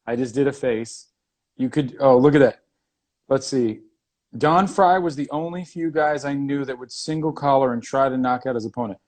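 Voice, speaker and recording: A man hosting a casual conversation, animated and enthusiastic, swearing now and then. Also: mid-range voice, moderate pace. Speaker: host, artist.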